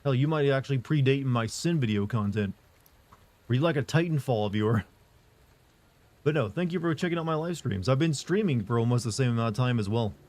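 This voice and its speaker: Monotone man chatting on a livestream. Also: medium pitch, fairly quick. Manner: monotone, flat delivery; rambling with many fillers and restarts. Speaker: streamer answering live chat. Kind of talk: casual livestream chat.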